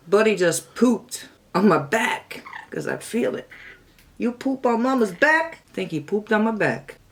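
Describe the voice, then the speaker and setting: A middle-aged woman hosting a casual home cooking vlog, chatting to viewers and cooing at her parrot in a high sweet voice. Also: creaky. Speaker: cooking channel host. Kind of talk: casual chat to camera.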